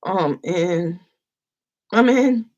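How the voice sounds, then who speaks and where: A young adult woman casually telling an animated, rambling story on her live stream. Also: lowish voice, very slow, muffled recording. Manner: animated, rambling, acts out quotes.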